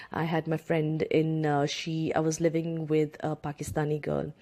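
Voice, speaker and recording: A woman's voice: low-pitched, mellow. A woman from India giving career advice as a coach and former cabin crew member, talking chattily with many fillers and restarts. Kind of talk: instructional talk to camera.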